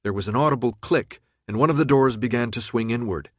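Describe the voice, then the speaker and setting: A man reading an audiobook as narrator, with steady, even-paced storytelling. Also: mid-range voice, fairly quick, no room sound, studio quality. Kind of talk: scripted narration.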